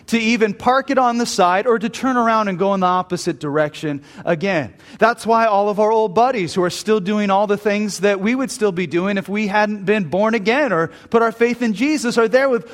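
An earnest male preacher delivers an emphatic sermon at a men's retreat. His voice sits fairly high, and he often restarts mid-sentence. A long hall reverb trails his words. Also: moderate pace, hardly any pauses.

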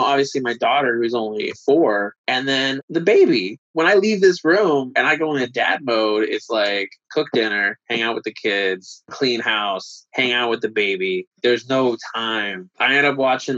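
A man in his thirties, a podcast guest in casual chat, telling stories and acting out quotes with lively energy. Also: medium pitch, no echo. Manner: animated storyteller who acts out quotes. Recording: dull, dry remote recording.

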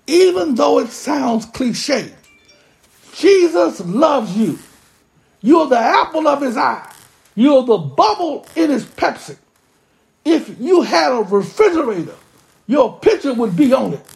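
A pastor preaching a sermon with impassioned, drawn-out emphasis. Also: high-pitched, big pitch swings, creaky, a little mellow.

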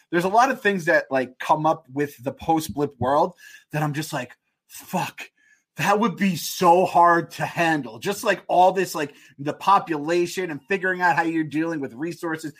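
A man's voice: a little high, a bit bright. A man co-hosting a casual podcast, rambling with lots of likes and fillers. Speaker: podcast co-host.

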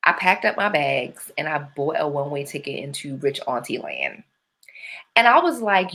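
A woman's voice: sits low, very animated, measured pace, a bit bright. A woman, talking through her year in a casual monologue, full of playful put-on voices and asides to her listeners.

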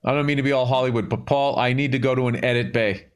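A man's voice: medium pitch, steady tone, fast talker, clear, resonant tone. A man co-hosting a podcast, chatting casually with wisecracks and swearing. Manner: wisecracking, profane. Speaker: podcast co-host. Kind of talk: casual chat.

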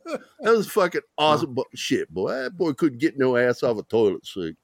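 A male podcast host with a lively, swooping delivery who tells rambling, profane stories and laughs through them. His voice sits at an ordinary middle pitch and sounds dry and close, with no room echo. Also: normal speed, gravelly. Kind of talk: casual chat.

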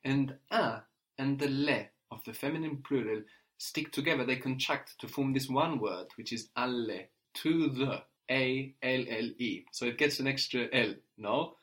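A male teacher explains step by step in a patient, unhurried way. He often checks in with a questioning "no?" as he guides a learner through a spoken lesson. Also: medium pitch, a bit bright. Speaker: language teacher.

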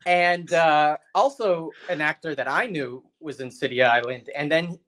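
A woman's voice: low voice, unhurried, fairly bright tone. A woman co-hosting a casual podcast chat, venting heatedly with frequent swearing and acting out the voices of others. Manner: acts out quoted voices. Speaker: podcast co-host.

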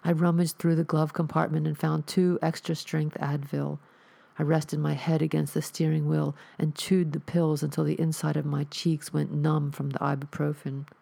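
A woman reading a first-person horror story aloud as narrator, in a steady storytelling delivery. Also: deep voice, moderate pace, gravelly.

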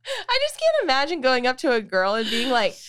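A young woman in casual chat, telling a story with lively acted-out quotes. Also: high-pitched, a little fast, noisy background. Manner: animated storyteller, acts out quotes.

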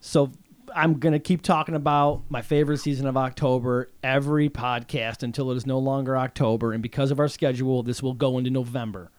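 A man hosting a podcast, chatting casually and excitedly, swearing a lot and laughing often. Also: medium pitch, a little fast, dry recording. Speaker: podcast host.

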